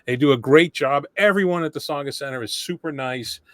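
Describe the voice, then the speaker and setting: A man's voice: on the high side, a little fast, fairly bright tone, dry recording, studio quality. A man hosting a podcast, chatting casually and telling self-deprecating stories. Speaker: podcast host. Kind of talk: casual interview chat.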